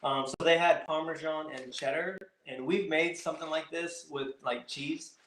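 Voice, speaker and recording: A man co-hosting a food vlog, talking in a relaxed way with lots of ums and uhs. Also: on the high side, moderate pace. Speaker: co-host of keto vlog. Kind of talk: casual chat. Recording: echoey room with faint noise.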